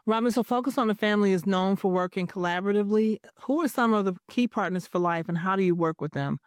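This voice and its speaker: A woman's voice: mid-range voice, fast talker, dry recording, clean studio sound. A woman hosting a podcast interview, introducing her guest and offering affirming replies. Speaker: host.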